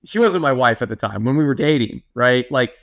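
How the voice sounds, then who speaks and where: A young man co-hosting a podcast, talking in an animated, playful way with lots of filler words. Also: mid-range voice, fairly quick, gravelly. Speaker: podcast co-host. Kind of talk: casual chat.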